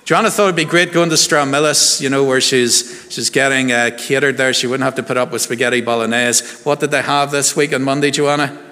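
A man's voice: mid-range voice, fairly even intonation, a little fast, sharp tone, big-room sound. A man, a minister giving a harvest service sermon in a chatty, jokey way and quizzing the congregation. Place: church.

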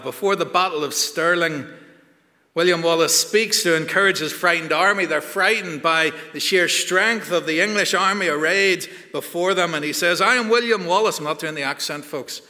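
A man's voice: a little high, normal speed, pushed and bright, in a large hall. A man preaching a sermon, earnest and building to emphatic peaks.

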